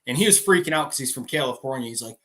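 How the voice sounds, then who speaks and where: A man's voice: mid-range voice, animated, very fast, pushed and bright. A man co-hosting a casual farm podcast, telling a story animatedly and acting out quotes. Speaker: podcast co-host.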